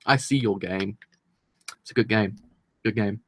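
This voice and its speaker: A man's voice: lowish voice, measured pace, fairly bright tone, a little hiss or hum. Rambling man hosting a live reaction. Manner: rambling, chatty, self-deprecating, laughs often. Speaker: anime reaction host.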